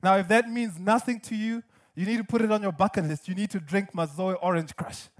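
A man's voice: high-pitched, steady tone, fairly quick. A man pastor preaching a sermon in an earnest, emphatic way, with repetition and light humor.

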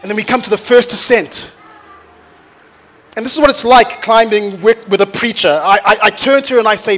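A man, a pastor preaching a sermon to his church with energetic storytelling that rises into loud exhortation. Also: high voice, brisk. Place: church auditorium.

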